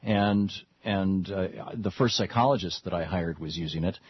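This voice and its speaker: A man's voice: sits low, moderate pace, slightly rough. A man hosting a call-in radio talk show, talking in long rambling runs with frequent restarts. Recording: dull lo-fi radio broadcast.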